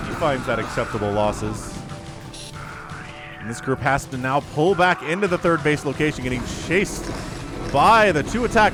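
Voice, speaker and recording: Lively, excitable male game caster. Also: mid-range voice. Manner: excitable, jokey, animated play-by-play. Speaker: esports caster. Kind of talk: solo game commentary.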